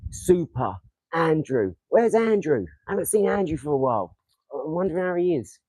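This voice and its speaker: A young Englishman with an Essex accent hosts a casual motivational livestream, rambling, swearing and throwing darts as he talks to viewers. His voice is a little high, very animated and a little mellow, at normal speed. The recording is low quality with no echo.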